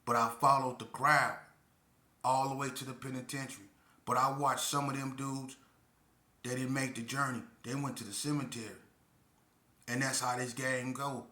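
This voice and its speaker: A man's voice: medium pitch, level tone, moderate pace, pauses often, bright, forceful tone. A middle-aged man telling a story from his past in a casual, emphatic, streetwise monologue that turns preachy. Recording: echoey room.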